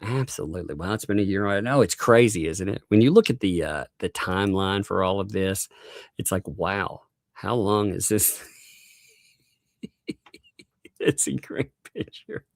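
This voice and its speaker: Man, gravelly voice, lively swooping pitch, casual livestream chat, laughs a lot, dry close sound. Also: normal speed, pauses often, no echo. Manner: laughs constantly between remarks. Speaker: livestream host reading viewer donations.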